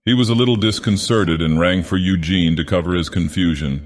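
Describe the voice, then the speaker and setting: A man reading a story aloud in a grave, theatrical villain persona. His voice sits very deep, and a long hall reverb follows every phrase. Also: fairly quick, hardly any pauses. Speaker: audiobook narrator. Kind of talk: scripted storybook narration.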